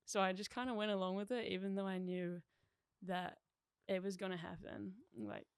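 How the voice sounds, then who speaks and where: Young NZ woman, casual guest, giggly, creaky voice. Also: mid-range voice, normal speed, dry recording, studio quality. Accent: New Zealand. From New Zealand. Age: young adult. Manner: excitable, laughs often, lots of "like". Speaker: DJ, podcast guest. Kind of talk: casual chat.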